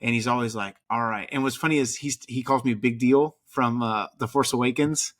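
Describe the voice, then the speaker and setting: A man hosting a podcast, talking in a relaxed, rambling way with lots of fillers. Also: mid-range voice, a little fast. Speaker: podcast host. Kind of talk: casual chat.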